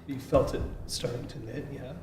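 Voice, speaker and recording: A man narrating a tabletop game as game master, measured and dry, pausing on fillers. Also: a little mellow. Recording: echoey room with faint noise.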